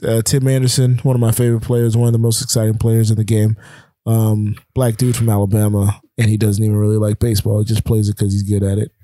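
A man hosting a casual sports podcast, chatting about the playoffs with quick asides and frequent ums. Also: fairly low pitch, level tone, mellow, no echo.

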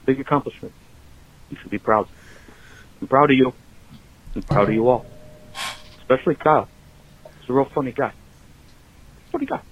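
A man doing a celebrity impression in a voicemail, speaking low and halting as a gruff older star praising the hosts. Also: phone-quality sound, slight background noise, close to an everyday voice. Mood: gruff praise. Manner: low, slow, halting with ums. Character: gruff older male movie-star caller, gently praising.

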